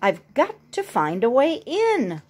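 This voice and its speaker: A woman voicing an eager young male turkey in a picture-book reading, excited and a little higher than her reading voice. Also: takes it slowly, a little hiss or hum, full character voice. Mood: determined. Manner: excited, gobbles loudly.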